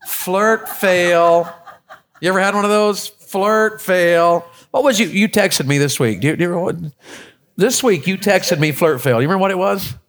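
Man, high voice, folksy preacher who jokes with his flock and repeats himself. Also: normal speed, fairly bright tone. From Tennessee, USA. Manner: folksy, joking with congregation, repeats words. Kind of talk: sermon.

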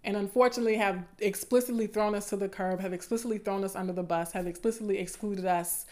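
A woman's voice: mid-range voice, steady tone, quick pace, a little mellow. Impassioned Southern woman commentator. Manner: impassioned, emphatic, repeats phrases for stress. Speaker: video commentator. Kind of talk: casual livestream commentary.

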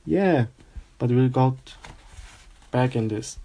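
A man voicing a huge, good-natured adult male giant while reading a novel aloud, in a plain, unhurried way with fillers. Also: medium pitch, warm tone. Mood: easygoing.

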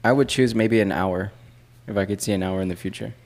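A man's voice: fairly low pitch, fairly quick, gravelly, a little mellow. A man in casual group banter, laid-back and swearing freely as he reads out bits of trivia.

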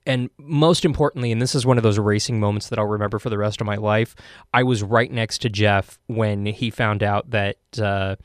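A man's voice: normal speed, clear, resonant tone, no room sound, clean studio sound. A man hosting a racing podcast, telling a story casually and animatedly, with many fillers. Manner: animated, many fillers, acts out quotes in a high shout.

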